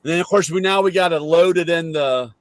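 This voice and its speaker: A man in casual conversation, spinning a wry, deadpan anecdote and putting on the other people's lines as he goes. His voice sits a little high, and it is recorded close and dry with no room sound. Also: brisk, dry recording. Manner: wry, deadpan storyteller acting out dialogue. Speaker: host. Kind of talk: casual storytelling chat.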